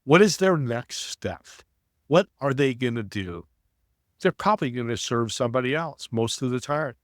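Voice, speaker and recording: A man's voice: medium pitch, animated, moderate pace, no room sound, studio quality. A man who is an entrepreneur and podcast guest, telling stories in an earnest, preachy, motivational way. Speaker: entrepreneur and networking coach, guest. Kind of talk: interview storytelling.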